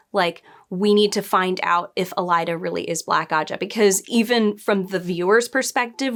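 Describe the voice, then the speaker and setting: A young adult woman with a medium-pitched, fairly bright voice casually reviews a TV episode. She retells scenes in a chatty way, quoting lines and adding asides.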